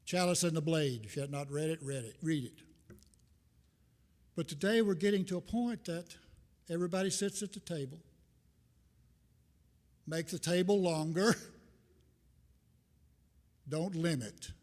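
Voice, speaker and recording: An older man delivers a loose, folksy sermon, drifting between thoughts with self-deprecating humor. His voice sits a little high for a man. It rings out with a long reverb through a church sanctuary. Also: moderate pace, pauses often, darkish tone. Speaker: visiting minister. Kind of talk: informal sermon.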